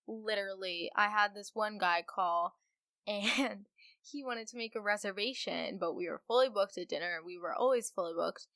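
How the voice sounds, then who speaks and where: A young woman with a bright, forceful voice tells work stories on her podcast, chatty and animated. She is recorded close and dry, with no room sound around her. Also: fairly high pitch, no room sound. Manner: chatty, animated retelling with fillers and voiced quotes. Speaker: podcast host. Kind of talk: casual storytelling.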